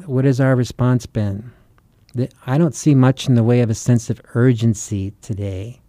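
This man, a US Christian author and preacher, delivers urgent, earnest sermon-style teaching full of rhetorical questions. His warm mid-range voice moves at a moderate pace with fairly even intonation, in echo-free studio quality.

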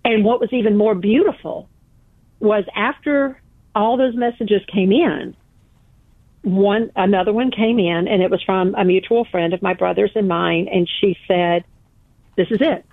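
Speaking a little slowly in a steady, mid-range voice, a woman guest author tells a personal story over the phone in an interview. She's earnest and emphatic, repeating phrases to give them weight. The line is tinny and dry, with no echo.

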